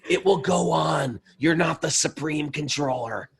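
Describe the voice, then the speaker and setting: A man with a gravelly, slightly husky voice leads a relaxed scripture class. He talks in an animated, joking way and now and then acts out quick little voices. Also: fairly high pitch. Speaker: spiritual teacher.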